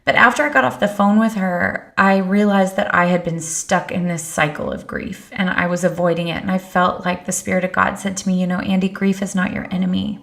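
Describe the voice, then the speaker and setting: A woman's voice: on the low side, fairly even intonation, brisk, vocal fry, hardly any pauses, a bit bright. A middle-aged woman speaking as a podcast guest, telling personal stories in an earnest, reflective way. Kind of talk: candid conversation.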